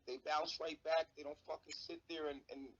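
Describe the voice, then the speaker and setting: A man's voice: a little high, level tone, moderate pace, fairly bright tone, muffled recording. A man on a live stream talking bluntly and emphatically, swearing often. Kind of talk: casual live-stream talk.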